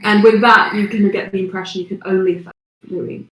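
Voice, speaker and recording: A woman's voice: medium pitch, fairly even intonation, fairly quick, a bit bright, roomy sound, poor audio. A woman narrating a tabletop role-playing game as its game master, describing the scene for the players.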